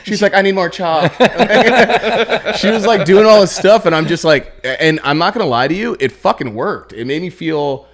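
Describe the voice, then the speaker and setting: Animated, swearing podcast host, male. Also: high-pitched, moderate pace, hardly any pauses. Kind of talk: casual chat.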